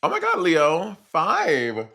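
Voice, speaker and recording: A man's voice: on the high side, slow, gravelly. A man with a Caribbean accent chatting sassily to viewers on a casual live stream. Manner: sassy, animated, chatty with viewers.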